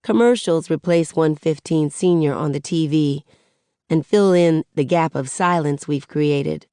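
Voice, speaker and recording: A woman reading a first-person audiobook in a measured, expressive way. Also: low voice, smooth, dry recording, studio quality. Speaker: audiobook narrator.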